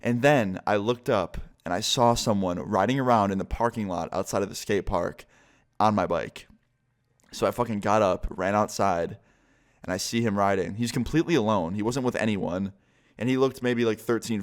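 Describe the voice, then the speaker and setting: A man's voice: on the low side, normal speed. A young man telling a casual, profane storytime to his viewers and acting out the quotes. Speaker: vlogger.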